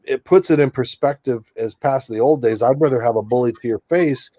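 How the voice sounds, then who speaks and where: A man's voice: medium pitch, brisk, dark tone, slight background noise. Chatty middle-aged man telling stories. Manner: chatty, rambling, many asides. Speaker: sports reporter guest. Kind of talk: casual storytelling interview.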